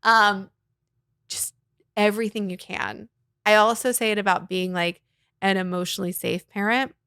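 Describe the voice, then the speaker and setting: A woman talks in a relaxed interview as a voice teacher and guest. Her delivery is animated and expressive, with easy laughter, and her voice sits at an ordinary middle pitch. The sound is dry and close. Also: normal speed, clear, resonant tone, dry recording. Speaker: guest, voice teacher and arts nonprofit founder. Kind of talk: casual interview conversation.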